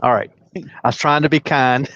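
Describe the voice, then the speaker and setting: A man on a livestream call, telling stories in a halting way with frequent restarts and chuckles. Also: mid-range voice, fairly even intonation, a bit bright, no echo, dull audio. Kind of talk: casual storytelling chat.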